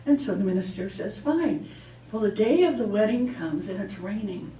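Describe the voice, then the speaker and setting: A woman's voice: mid-range voice, lively intonation, a little fast, dark tone, slight background noise. A woman minister giving a sermon in a chatty, storytelling way. She laughs at her own jokes. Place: church hall. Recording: echoey hall, mic far off.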